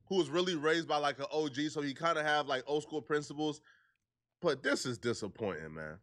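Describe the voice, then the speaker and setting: A man's voice: fairly high pitch, expressive, fairly quick, fairly bright tone. A man commenting on a played video in a casual, earnest way.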